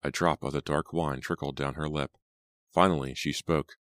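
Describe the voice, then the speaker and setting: Male audiobook narrator, extremely low voice, measured, dry close sound. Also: fairly even intonation, a bit bright, dry recording. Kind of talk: scripted narration.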